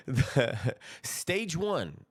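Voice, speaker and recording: A man telling a prison story in a relaxed, slangy, conversational way, chuckling at his own tale and dropping low and hushed on asides. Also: breathy edge, dry recording, studio quality. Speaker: storyteller recounting prison life. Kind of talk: casual spoken storytelling.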